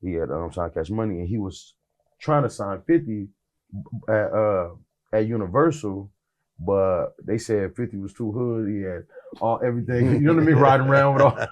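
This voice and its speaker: A man's voice: on the low side, normal speed. A man who is a rap artist, telling stories in a casual interview in a laid-back, rambling way, full of fillers and acted-out quotes.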